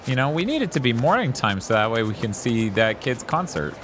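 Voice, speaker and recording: A man's voice: mid-range voice, very animated, brisk, few pauses, a little hiss or hum. A man streaming a video game, rambling casually, swearing and joking as he plays. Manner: rambling, swears freely, jokes with chat. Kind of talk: casual gameplay commentary. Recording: voice over loud game music.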